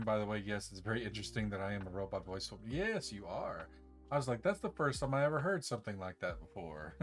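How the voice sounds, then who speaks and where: A man streaming live, chatting loosely to his viewers in a relaxed, rambling way with frequent restarts. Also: fairly low pitch. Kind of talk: casual live-stream chat.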